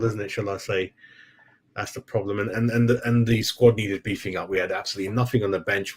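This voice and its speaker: A man's voice: lowish voice, a little mellow. A man hosting a casual football fan live stream, rambling and chatty, calling viewers "mate" and forgetting names. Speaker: football fan channel host.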